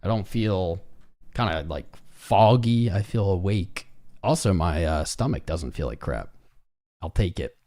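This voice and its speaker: A man with a fairly low voice hosts a live crypto trading stream. He talks in a loose, chatty way and greets viewers by name between chart reads. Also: animated, measured pace, dark tone. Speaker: crypto trading livestream host. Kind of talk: casual live-stream chat.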